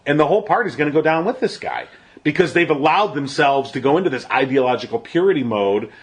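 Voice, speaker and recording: A man on a podcast mic, talking politics with biting sarcasm and acting out what others said. His voice sits a little high for a man. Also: quick pace. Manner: animated, sarcastic, acts out quotes. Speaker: podcast co-host. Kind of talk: casual political chat.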